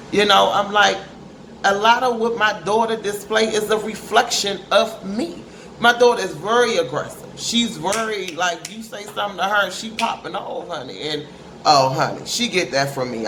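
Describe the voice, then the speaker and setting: A woman's voice: mid-range voice, a bit bright. A middle-aged woman talking candidly to camera about parenting, emphatic and preachy, calling her listeners honey. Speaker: parent giving advice. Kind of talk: candid motivational talk to camera. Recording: echoey room with faint noise.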